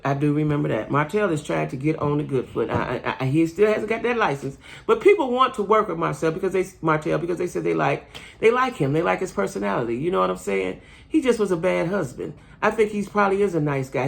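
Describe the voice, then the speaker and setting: A woman's voice: deep voice, vocal fry. A middle-aged woman hosting her own channel, chatting in a rambling way straight to her viewers about reality TV. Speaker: channel host. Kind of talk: casual reality TV commentary. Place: staying at her son's home.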